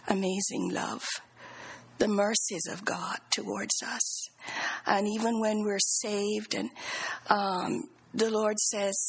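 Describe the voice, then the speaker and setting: A middle-aged woman giving an earnest, halting testimony of thanks in church, sometimes dropping into soft whispered phrases. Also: medium pitch, gravelly, slightly rough, low-quality recording.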